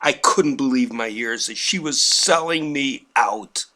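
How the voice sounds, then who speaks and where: A man's voice: mid-range voice, a little slow, pushed and bright. A man telling a comic personal story in a wry, self-mocking, exaggerated way. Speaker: painting instructor telling a family story.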